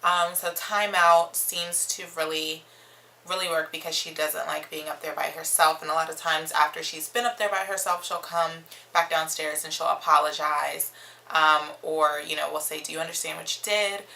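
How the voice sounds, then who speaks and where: A woman's voice: deep voice, flat delivery, normal speed, sharp tone, low-quality recording. A young woman chatting to camera as a mom vlogger, reading questions from her phone with lots of ums. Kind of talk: casual chat to camera.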